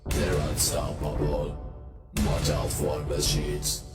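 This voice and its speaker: A deep ominous robot voice. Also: male voice, completely flat delivery, reverberant. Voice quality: booming, ominous, drawn-out delivery. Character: menacing deep-voiced robot warning of machines. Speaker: intro voice of the show. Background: loud intro music.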